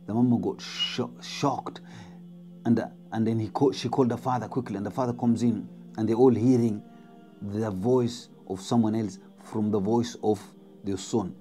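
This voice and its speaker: A man's voice: lowish voice, steady tone, moderate pace, mellow, faint music behind. A man telling a spooky story in a dramatic way, repeating words and dropping to whispers. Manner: dramatic, repetitive, drops to whispers. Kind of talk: spoken storytelling.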